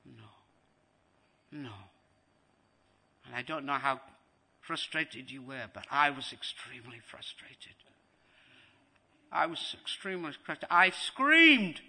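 A man's voice: a little high, unhurried. A man giving a devotional lecture as a spiritual teacher, repeating phrases for emphasis and acting out scenes. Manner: animated, acts out scenes.

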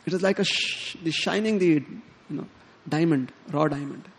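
A man giving a sermon, telling a devotional story in an animated way and acting out the characters' lines. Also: on the high side, normal speed, husky. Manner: animated, quotes characters in lively tones, chuckles often. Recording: long hall reverb.

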